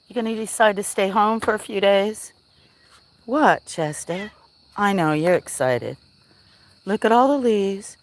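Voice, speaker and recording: A woman with a Southern US accent livestreams from a farm outdoors at dusk, walking with a handheld phone. Her medium-pitched, expressive voice moves at a measured pace with long pauses. She chats casually, greets viewers, and coos in baby talk to her cats.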